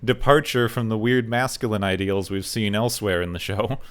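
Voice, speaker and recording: A man hosting a podcast in casual chat, recapping an episode in a wry, steady way. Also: lowish voice, fairly quick, smooth. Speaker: podcast host.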